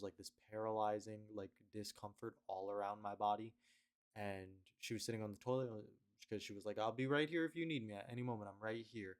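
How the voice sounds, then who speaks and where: A young man rambling through a confessional video diary at home on his webcam, trailing off and repeating himself. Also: on the low side. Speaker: video diarist.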